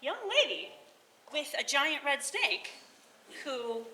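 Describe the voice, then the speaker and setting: A flustered, awkward king, put on by a woman storyteller, halting in his greeting. His voice rides high and lively. A roomy hall echoes behind. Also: a little hiss or hum, exaggerated voice.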